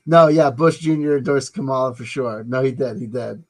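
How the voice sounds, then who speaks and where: A man's voice: medium pitch, moderate pace, hardly any pauses, low-quality recording. A man hosting a casual live stream, musing aloud, rambling and swearing as he decides what to show next.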